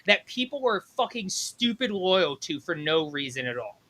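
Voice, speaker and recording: A man's voice: high-pitched, very animated, normal speed, pushed and bright, low-quality recording. A man with a Philadelphia and South Jersey accent, a podcast co-host who rants heatedly in casual chat, swearing constantly. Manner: profane, ranting, heated.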